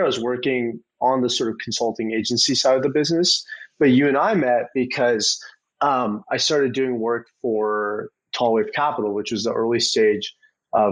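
A man in his twenties from Arizona, a venture capital guest in a casual interview, talking in a relaxed way with many fillers and hedges. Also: mid-range voice, low-quality recording. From Arizona, USA. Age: 20s.

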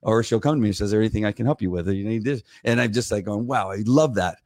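A middle-aged man talks in a low, dry, close-miked voice, co-hosting a casual podcast chat. He rambles, restarts and repeats words, and turns animated whenever he quotes someone. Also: quick pace, no room sound. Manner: animated when quoting others. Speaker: podcast co-host.

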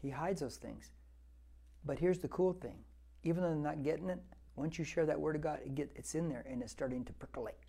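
A man's voice: on the high side, fairly quick, gravelly, warm tone, breathy edge. A man in his sixties preaching a verse-by-verse Bible teaching, talking conversationally and repeating words for emphasis as he builds to fervent exhortation. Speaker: pastor.

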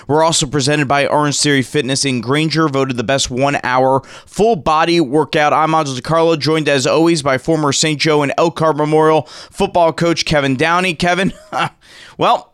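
A man hosting sports talk radio from a studio microphone, energetic as he rattles off stats and rankings. His voice is smooth and resonant, a touch high, and the sound is close and dry. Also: no echo.

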